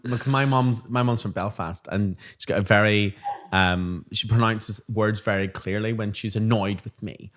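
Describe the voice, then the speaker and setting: Northern Irish man telling lively stories. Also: fairly low pitch, moderate pace. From Northern Ireland. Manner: animated storyteller, acts out classroom voices. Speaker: podcast co-host. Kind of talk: casual chat.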